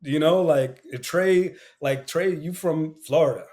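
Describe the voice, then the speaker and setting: A man, a guest who works as an actor and audiobook narrator, talking in a casual, animated podcast chat with slangy, repeated phrases. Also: fairly high pitch, unhurried. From Queens, New York.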